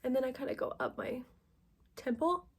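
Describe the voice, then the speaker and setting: A woman's voice: sits high, moderate pace, vocal fry, slightly rough. A young woman from the United States chatting casually through a makeup tutorial at home, full of fillers and self-deprecating asides. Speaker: vlogger.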